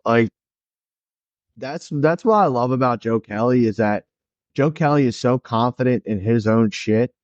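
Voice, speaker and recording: Man, podcast co-host, casual sports talk, lively storyteller, muffled dry recording. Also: medium pitch, a little slow, no room sound. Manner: animated storyteller, acts out players' lines.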